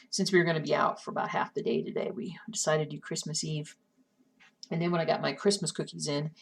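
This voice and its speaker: Heard on a distant mic, this woman has a lowish voice with a darkish tone. She chats easily with live-stream viewers while cross-stitching, frequently talking to herself and to the chat as she works.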